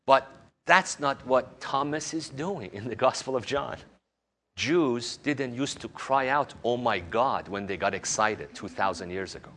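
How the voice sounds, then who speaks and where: A man giving a recorded course lecture, teaching in an animated way. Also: on the low side. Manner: animated teaching, slips into exaggerated voices when quoting others.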